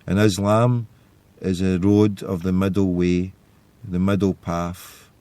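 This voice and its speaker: A man's voice: deep voice, level tone, takes it slowly, warm tone, no room sound. A man, hosting a podcast and telling stories in a loose, rambling monologue. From Scotland. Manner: rambling storytelling. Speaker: podcast host. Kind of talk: casual monologue.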